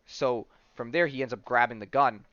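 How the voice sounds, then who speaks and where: A man's voice: mid-range voice, moderate pace, pushed and bright, no room sound, lo-fi sound. A man hosting a podcast, casually recapping a comic book in a rambling way, full of fillers and asides. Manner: rambling, heavy on fillers and "right?". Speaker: podcast host.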